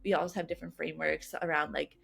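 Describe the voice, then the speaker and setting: A woman guest answering interview questions in an earnest, fast way, restarting and repeating words often. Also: sits low, level tone, gravelly, background noise. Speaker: guest, youth engagement coordinator at a health nonprofit.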